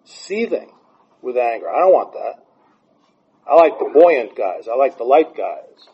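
A man's voice: mid-range voice, lively intonation, measured pace, husky. A man giving blunt, profane recovery advice and telling stories from his own life. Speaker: recovery speaker. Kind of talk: candid advice talk. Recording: dull lo-fi sound.

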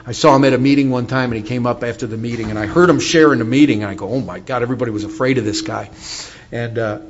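A man's voice: medium pitch, quick pace, dull audio, a little hiss or hum. A middle-aged man telling his recovery story to an audience, candid and wry as he speaks.

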